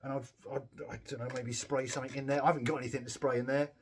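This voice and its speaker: Medium-pitched and flat but racing, a guitar repair vlogger chats casually while fixing a cheap guitar, guitar playing behind him. He's a bit tired and giddy, rambling, swearing and poking fun at himself.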